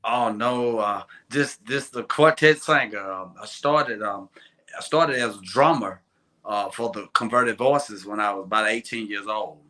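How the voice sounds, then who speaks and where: A man in his forties with a Mississippi accent, a gospel quartet singer as guest, soft-spoken and hesitant. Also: fairly low pitch, a little slow. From Tupelo, Mississippi. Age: 40s.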